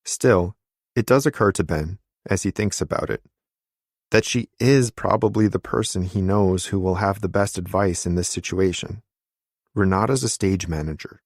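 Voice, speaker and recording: Male narrator, audiobook, deep, dry close mic, measured, wry. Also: darkish tone, no echo.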